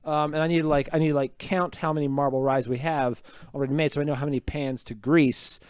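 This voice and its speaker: A man's voice: fairly high pitch, fairly even intonation, quick pace, clean tone, dry recording, clean studio sound. Rambling man telling a work story. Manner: rambling storyteller, heavy on "like", slips into voices. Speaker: comedy podcast regular. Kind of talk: casual chat.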